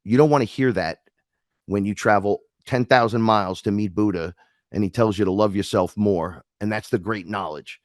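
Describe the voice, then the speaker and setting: A man's voice: on the low side, normal speed, no room sound, studio quality. A man talking as a guest, telling rambling, emphatic spiritual stories and acting out the voices of the people in them. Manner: animated, acts out the voices in his stories. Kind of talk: spiritual storytelling chat.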